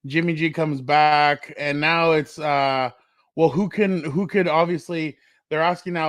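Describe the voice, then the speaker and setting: A man with a fairly high voice co-hosts a casual sports chat, recorded close and dry. He talks with animated energy and loves spinning playful what-if scenarios. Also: unhurried, dry recording. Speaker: podcast co-host.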